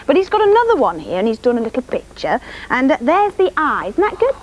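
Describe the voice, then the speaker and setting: A woman presenting on children's TV, bossy and excitable in a scripted comedy sketch. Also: high voice, quick pace, a little hiss or hum.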